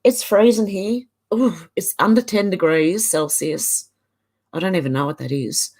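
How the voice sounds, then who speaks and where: A woman's voice: on the low side, a little slow, a little mellow. A woman with an Australian accent hosting a casual livestream, chatting and laughing as she reads viewer comments aloud. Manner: chatty, laughs often, Aussie slang. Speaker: livestream host.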